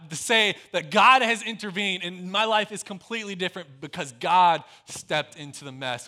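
A young male pastor preaches with earnest storytelling, his voice sitting high. The tone is bright and ringing. He slips into a hushed softness when he prays. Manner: storytelling, earnest, dropping to a soft hush in prayer. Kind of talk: sermon.

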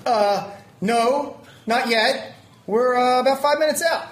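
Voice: mid-range voice, slow, natural voice. A performer voicing a wisecracking, grimy male maintenance worker who teases and puts on mock charm. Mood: flustered. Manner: cocky, teasing, mock-charming. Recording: echoey room from a distance with faint noise.

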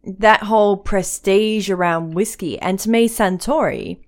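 A woman hosting a podcast, chatting casually and telling lively stories about trips and whiskey. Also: mid-range voice, a little slow. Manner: chatty, animated storyteller. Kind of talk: casual chat.

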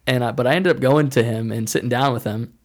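A man's voice: medium pitch, fast. A young man telling a personal faith testimony in a casual, rambling way, full of "like" and restarts. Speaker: speaker sharing a faith testimony.

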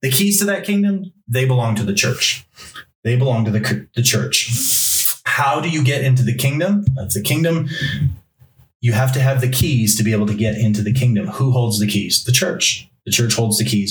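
A man's voice: medium pitch, lively intonation, moderate pace. A male pastor preaching a sermon, reading Bible passages aloud and driving points home through emphatic repetition. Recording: roomy echo, mic from a distance.

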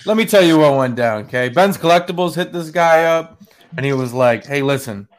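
A man's voice: on the high side, lively intonation, brisk. A man co-hosting a casual podcast chat, telling joking stories and swearing freely. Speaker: podcast co-host.

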